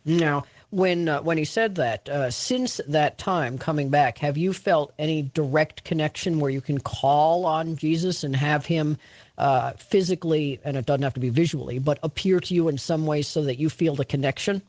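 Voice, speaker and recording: A man hosting an interview, asking questions hesitantly with many pauses. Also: a little high, darkish tone, dry recording. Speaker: host. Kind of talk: interviewing a guest.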